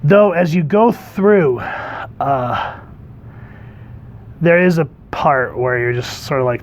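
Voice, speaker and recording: A man casually reviewing a comic book, animated and acting out the characters' lines in quick voices. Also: on the high side, a little hiss or hum.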